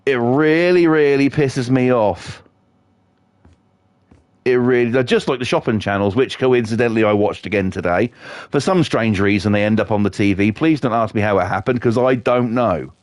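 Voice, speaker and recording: A man's voice: medium pitch, normal speed, no room sound, studio quality. A middle-aged British man ranting sarcastically, telling swear-filled everyday stories while streaming a game. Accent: British English. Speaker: livestreamer. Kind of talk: casual ranting chat.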